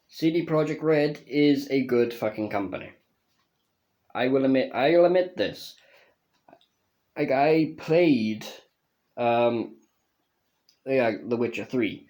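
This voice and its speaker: Speaking at a medium pitch with a darkish tone, a young man reviews a video game casually. Earnest and emotional, he is slow and halting, swears constantly, and keeps restarting his words.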